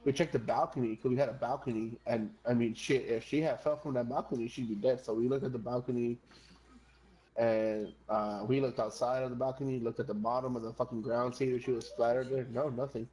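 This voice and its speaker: A man's voice: mid-range voice, steady tone, a little fast, dark tone, poor audio. Rambling, cursing young man telling a story. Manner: profane, rambling, says "bro" a lot; switches between English and Spanish. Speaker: gamer streamer. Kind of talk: casual storytelling while gaming.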